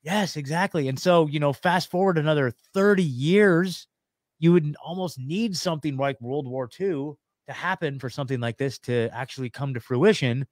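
A man's voice: fairly high pitch, moderate pace, dry recording. A man appearing as a guest on a casual podcast, rambling and conspiratorial, with many fillers and restarts.

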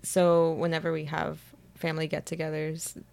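Relaxed young Californian woman, lowish voice. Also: moderate pace, creaky. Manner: relaxed, laughs often, casual fillers. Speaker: podcast co-host. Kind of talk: casual chat.

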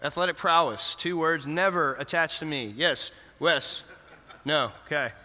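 Preaching in a reverberant church sanctuary, a pastor engages the congregation by questioning them and affirming what they answer. He speaks a little slowly, with a sharp tone and a voice on the high side.

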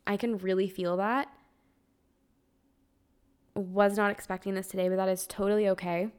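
A young woman talks straight to her listeners in a loose, heartfelt spiritual podcast monologue. Her voice sits at a middling pitch, and her talk is full of casual fillers and the occasional curse. She sounds emotional, close to tears, yet keeps talking earnestly. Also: level tone, normal speed, a little mellow, smooth. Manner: earnest, conversational, heavy use of "like", occasional swearing. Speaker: podcast host.

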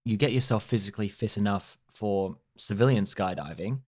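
Low-voiced male interviewer. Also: a little mellow. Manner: measured, recapping the guest's story. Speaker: podcast host. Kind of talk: interviewer summarising and prompting.

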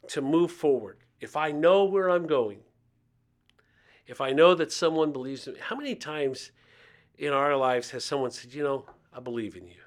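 A man in his fifties from Ohio, a guest telling stories in a conversational interview and acting out the voices of the people he quotes. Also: fairly high pitch. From Ohio, United States. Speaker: guest speaker on faith and poverty.

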